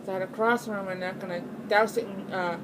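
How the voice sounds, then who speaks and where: A woman's voice: medium pitch, steady tone, quick pace. Young woman, casual storytelling, rambling, fillers, faint background noise. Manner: rambling, breathless ghost-story telling with many fillers. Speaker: channel host.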